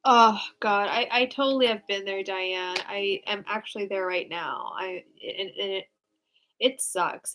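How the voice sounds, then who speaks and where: With a mid-range, slightly bright voice, a young woman does relaxed live tarot readings for viewers. Her answers are candid and conversational, peppered with fillers and frequent restarts.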